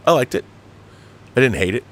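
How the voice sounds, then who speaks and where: This middle-aged man, medium-pitched and fairly quick, hosts a laid-back live stream where he reads out viewer chats. He reacts with plenty of animation, often restarting, laughing, and cursing when irritated.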